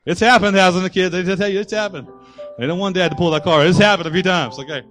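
High-voiced preaching pastor over faint music. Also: male voice, fast talker, a bit bright. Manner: preaching with rising and falling emphasis, acting out voices. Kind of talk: sermon.

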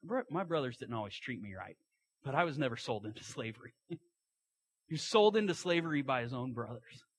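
A man's voice: mid-range voice, lively intonation, a little fast, breathy edge, no room sound. Guy preaching a sermon, folksy storyteller, mid voice, dry close sound. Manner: folksy storytelling with acted-out quotes and asides.

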